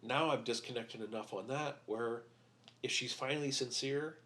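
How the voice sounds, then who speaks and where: A middle-aged man speaking candidly as a podcast guest, halting with many fillers and restarts, blunt and a little profane. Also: mid-range voice, a bit bright. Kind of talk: candid interview talk.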